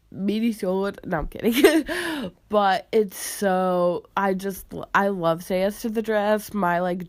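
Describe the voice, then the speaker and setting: Slow, gushing young woman podcaster. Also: lowish voice, smooth, no echo. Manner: gushing, filler-heavy, giggly. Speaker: podcast host. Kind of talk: casual chat.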